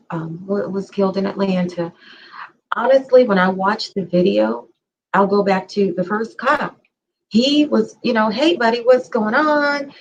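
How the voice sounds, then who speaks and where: A woman's voice: mid-range voice, darkish tone, slight background noise. A woman co-hosting a podcast, telling a story in casual conversation with earnest, emphatic repeats. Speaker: podcast co-host. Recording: slightly dull lo-fi sound.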